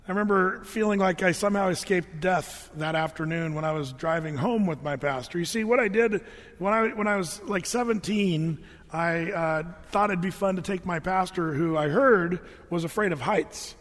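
A middle-aged man with a notably high voice tells a funny story from his past in a loose, rambling way, backing up and restarting his sentences. His voice carries into a large hall and trails off in a long reverb. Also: normal speed, a bit bright. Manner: loose, rambling, self-correcting. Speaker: speaker telling a personal story. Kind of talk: humorous storytelling to an audience.

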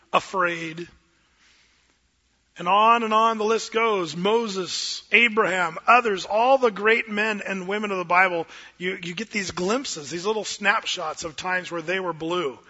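A man preaching a sermon as a pastor, telling a folksy story with gentle self-deprecating humor. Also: high voice. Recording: dull lo-fi sound with long hall reverb.

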